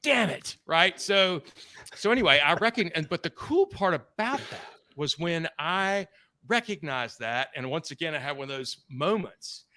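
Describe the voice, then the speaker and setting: A man's voice: a little high, lively intonation, moderate pace, pushed and bright, no room sound. A man guest on a podcast interview, telling candid stories in a blunt, casual way and swearing freely. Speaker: podcast guest, sales trainer. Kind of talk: conversational storytelling interview.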